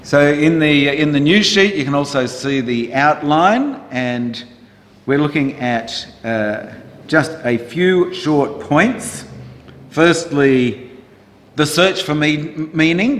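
Unhurried man preaching in an echoey church. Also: on the high side, expressive, fairly bright tone, a little hiss or hum. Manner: conversational, asks the congregation questions. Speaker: pastor. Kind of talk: sermon. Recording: roomy church hall reverb.

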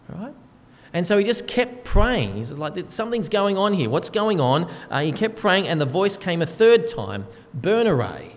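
A man preaches a sermon in a lingering, echoing hall, talking through a story in an easy, conversational way. His voice sits a little high for a man, and he pads his sentences with fillers. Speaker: pastor. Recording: long hall reverb.

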